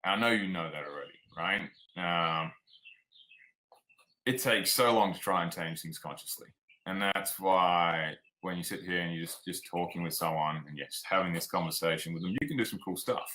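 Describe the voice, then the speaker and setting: Here's a low-pitched Australian man at a normal pace, his tone pushed and bright, captured on a low-quality recording. Appearing as a guest in a casual interview, the performance coach tells stories in a frank, plainspoken way, throwing in "like" and "man."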